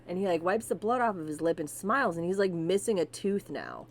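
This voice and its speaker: A woman co-hosting a podcast, telling wild stories in a casual, animated way, swearing freely and sometimes reading aloud. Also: lowish voice, brisk, no room sound. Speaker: podcast co-host. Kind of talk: casual storytelling chat with profanity.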